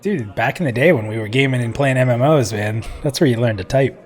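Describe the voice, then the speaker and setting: A man at a mid-range pitch hosts a live stream in relaxed, casual chat. He jokes with his guests and laughs easily, talking into a desk microphone. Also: fairly quick. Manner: joking and chatty, laughs often. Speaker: live stream show host.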